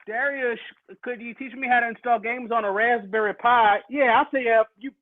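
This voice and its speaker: A man doing a high-voiced folksy football coach. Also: moderate pace, no echo. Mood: rambling. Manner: rambling, deadpan boasting. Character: folksy blowhard male football coach, middle-aged. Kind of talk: improvised comedy character on a live podcast. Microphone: video call. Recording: dry tinny video-call audio.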